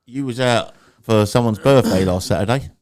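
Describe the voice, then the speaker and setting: A man's voice: on the low side, moderate pace, a little mellow. A man, a nightclub manager, teasing and ribbing his friend in casual podcast chat, with plenty of swearing.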